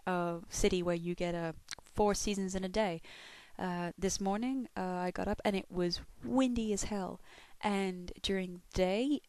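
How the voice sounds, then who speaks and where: Speaking in a lowish, slightly mellow voice with no echo, a young adult woman answers a fan question tag for a casual audio vlog. She's from Melbourne and has an Australian accent, and her chat is self-deprecating, full of swearing and frequent laughter.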